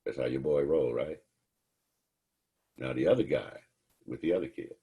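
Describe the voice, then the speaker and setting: A man's voice: a bass voice, normal speed, vocal fry, long pauses, slightly rough. A man giving a casual, blunt lecture about the law, telling stories with profanity. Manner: blunt, profane, animated storytelling. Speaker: speaker teaching about police and the law.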